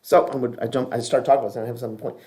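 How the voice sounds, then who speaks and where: A man's voice: medium pitch, fairly even intonation, rapid-fire, dark tone. A middle-aged man, a pastor, teaching a leadership class in a casual, rambling, joking way with many restarts.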